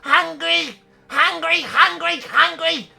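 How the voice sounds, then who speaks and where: A man's voice: extremely high pitch, slow pace, creaky, bright, forceful tone, voice pushed up, heavily acted. A man voicing the maniacal, mutated second head of a giant owl, shrieking frantic, hungry demands. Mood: ravenous.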